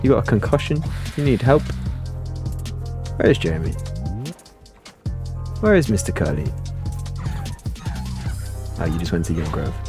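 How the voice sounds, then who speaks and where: A young man chats through a game livestream, playful and talkative as he answers chat. His voice sits a little low, with faint background music underneath. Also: big pitch swings, measured pace, pauses often. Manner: playful, chatty, answers viewer chat aloud. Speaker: gaming livestreamer. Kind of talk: casual livestream commentary.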